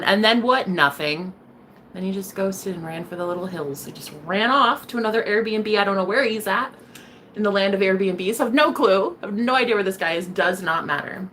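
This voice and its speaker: A woman's voice: medium pitch, expressive, moderate pace, slight background noise. Sassy, playful woman vlogging to camera. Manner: sassy, playful, swings between loud and hushed. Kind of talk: casual vlog monologue.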